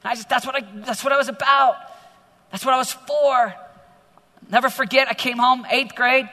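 A middle-aged man preaching to teenagers in a large hall, energetic and exhorting, often growing animated. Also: extremely high pitch, moderate pace. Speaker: youth speaker. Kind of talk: sermon to teenagers. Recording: long hall reverb.

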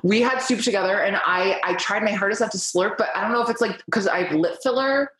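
A woman's voice: mid-range voice, fast talker, a bit bright. Playful chatty woman in a roomy space. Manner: playful, chatty, acts out little scenes. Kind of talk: casual chat.

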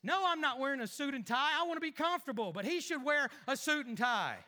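A man's voice: extremely high pitch, fairly quick, sharp tone, smooth, big-room sound, voice pushed up. A man playing a whiny grumpy dad. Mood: griping. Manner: whiny, exasperated ranting. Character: grumpy middle-aged father, whining and complaining. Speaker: one-man skit in a sermon.

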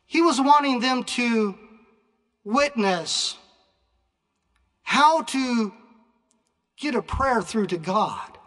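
A man delivers a sermon at a very unhurried pace, pausing often and restarting phrases. His voice sits unusually high and sounds bright. The sound rings with the long reverb of a large hall. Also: expressive. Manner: slow, deliberate preaching with frequent pauses and restarts. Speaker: preacher.

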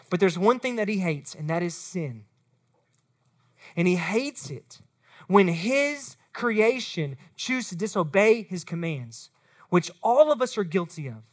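Lively woman preaching to youth. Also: medium pitch. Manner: animated, talks straight to the students. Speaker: youth pastor. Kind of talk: sermon to middle school students.

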